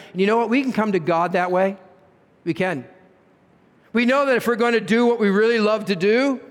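A man's voice: high voice, a bit bright. Man, pastor, sermon, earnest, rhetorical questions, reverberant church sanctuary. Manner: earnest, rising and falling emphasis, rhetorical questions.

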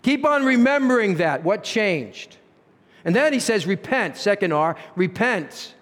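A man's voice: high-pitched, expressive, measured pace, fairly bright tone. A man preaching a sermon as pastor, earnest, with rhetorical questions and swings in emphasis. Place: church sanctuary. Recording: reverberant church hall.

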